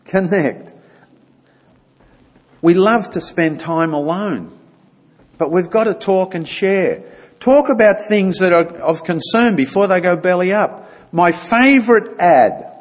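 A man's voice: high voice, long reverb tail. A man giving an informal church talk, chatty and now and then acting out little dialogues. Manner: conversational, acts out little dialogues. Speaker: church speaker.

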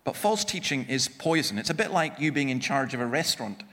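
A man's voice: mid-range voice, animated, brisk, pushed and bright, long reverb tail. A man preaching a sermon with personal stories, emphatic and self-deprecating, often restarting his sentences.

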